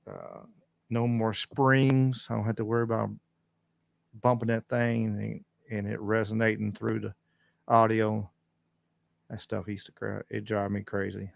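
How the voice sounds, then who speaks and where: A man hosts his own podcast livestream, chatting loosely to his viewers. His voice sits low with a gravelly fry, and he rambles along in an easygoing way with plenty of fillers. The sound is close and dry, from a desk mic at home. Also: level tone, unhurried, no echo. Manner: rambling and laid-back, many fillers. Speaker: podcast host. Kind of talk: casual livestream chat. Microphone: desk mic on a stand.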